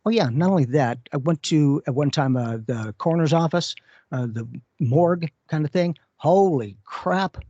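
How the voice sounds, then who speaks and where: A man's voice: fairly high pitch, animated, moderate pace, mellow, dry recording. A man co-hosting a radio talk show as a psychic medium, telling stories in a casual way and acting out the voices he quotes. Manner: storytelling, acts out quoted voices. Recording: dull lo-fi radio audio.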